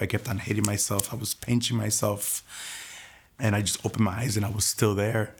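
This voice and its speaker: A young man tells his own testimony, his low voice roughened by gravelly fry. He speaks in a hushed, intense way and often sinks to near a whisper as he recounts the story. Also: little pitch movement, brisk.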